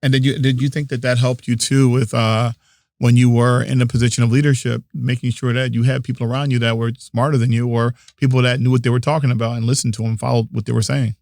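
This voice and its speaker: Podcast host guy, gravelly, keeps saying mm-hmm and right, dry room. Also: mid-range voice, little pitch movement, fast, a little mellow, no echo. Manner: encouraging, frequent backchannels. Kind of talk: interviewing a guest.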